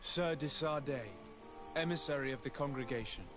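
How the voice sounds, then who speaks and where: A polite young noble emissary from a video game, played by a man. He speaks formally and calmly in a middle-pitched voice, with soft game music underneath. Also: normal speed, natural voice. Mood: composed.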